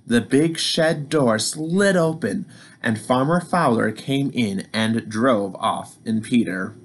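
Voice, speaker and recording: A man reading a children's storybook aloud, gentle and encouraging toward young listeners. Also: mid-range voice, slow pace, slight background noise.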